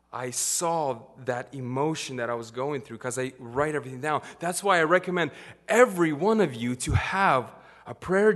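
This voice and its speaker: A man's voice: mid-range voice, a bit bright, in a large hall. A man preaching a sermon, telling a personal story in an earnest way and quoting scripture. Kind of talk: sermon testimony.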